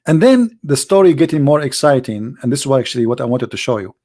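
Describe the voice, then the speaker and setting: A man with an Arabic accent hosting a live stream, reading and translating a text aloud in halting English with many restarts. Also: medium pitch, expressive, a little mellow. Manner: halting, restarts and searches for words.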